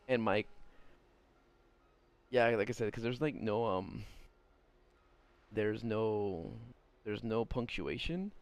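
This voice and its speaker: A man's voice: mid-range voice, animated, unhurried, vocal fry, pauses often, darkish tone. Exasperated rambling man streaming. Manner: exasperated, rambling, swears, laughs at what he reads. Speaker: streamer reading viewer stories. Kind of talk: casual live-stream commentary.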